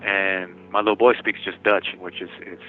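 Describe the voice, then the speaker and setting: A man telling his own story over a prison phone call, talking in quick bursts with many restarts and laughing now and then. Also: deep voice, little pitch movement, soft background music. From United States. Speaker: incarcerated interviewee. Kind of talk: phone interview, personal storytelling. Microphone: telephone. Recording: tinny prison phone line.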